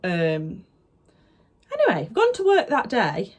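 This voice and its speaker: A woman's voice: mid-range voice, takes it slowly. A young woman telling a personal story to camera in a casual, chatty way. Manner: chatty, animated retelling with acted-out quotes. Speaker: vlogger.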